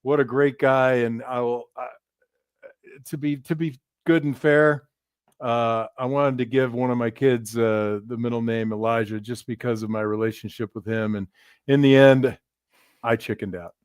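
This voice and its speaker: A man's voice: mid-range voice, normal speed, smooth, dry recording, clean studio sound. A middle-aged man, a former player, co-hosting a sports podcast and telling personal stories from his playing days. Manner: tells lively anecdotes, often acting out the voices of others. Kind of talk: casual sports podcast chat.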